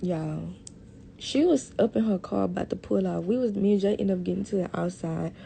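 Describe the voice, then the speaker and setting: A young woman telling a story casually on a livestream, animated, talking to her viewers as y'all and swearing a lot. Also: mid-range voice, fairly quick, creaky, a little hiss or hum. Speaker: live streamer.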